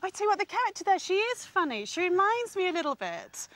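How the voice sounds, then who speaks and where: A woman's voice: very high-pitched, sing-song, quick pace, a bit bright. A woman interviewing a guest on a daytime show, bubbly and gushing. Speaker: showbiz interviewer. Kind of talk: light entertainment interview.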